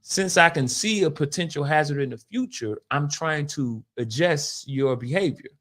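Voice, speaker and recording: A man with a bright, fairly high voice talking on a casual podcast. He gets animated as he tells his stories, climbing higher when he is worked up, and laughs often. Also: moderate pace. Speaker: podcast co-host. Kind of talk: casual chat.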